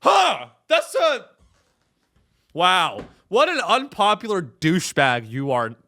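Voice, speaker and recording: A man's voice: high voice, wildly swooping pitch, slow pace, bright, forceful tone, no room sound. A young man hosting a comedy show, ranting in a profane, rambling way and slipping into mocking voices. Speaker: comedy podcast host. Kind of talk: comedic rant.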